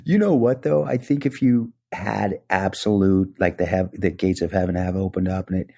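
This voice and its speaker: A man's voice: low-pitched, moderate pace, vocal fry, dark tone, no room sound, clean studio sound. A man co-hosting a podcast, talking in a searching, heartfelt, hesitant way. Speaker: podcast co-host. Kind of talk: casual chat.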